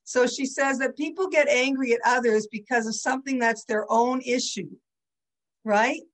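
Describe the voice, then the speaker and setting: A woman's voice: on the high side, steady tone, normal speed, rough recording. A woman giving a conversational lecture over a video call, often checking in with her listeners. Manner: chatty, often checks in with "right?" and "okay?". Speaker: teacher leading an online class.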